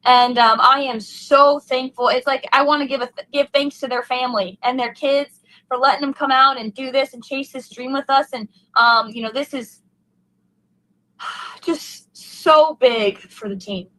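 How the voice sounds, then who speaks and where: A young woman pours out her feelings in a post-race interview, her voice high and sharp-edged. She rambles breathlessly with fillers, heartfelt and gushing. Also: steady tone, a little slow, no room sound, poor audio. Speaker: race car driver, interview guest.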